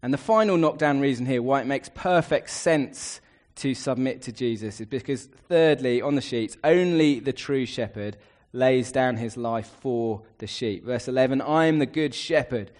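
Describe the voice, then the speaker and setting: A man's voice: mid-range voice, moderate pace, darkish tone. Earnest man preaching a sermon. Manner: earnest, building emphatic lists.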